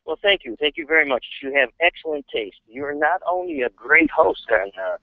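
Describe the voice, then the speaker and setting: A man's voice: fairly high pitch, big pitch swings, moderate pace, no echo, narrow, tinny audio. Effusive older man calling in. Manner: effusive, joking. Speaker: caller. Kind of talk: phone-in chat.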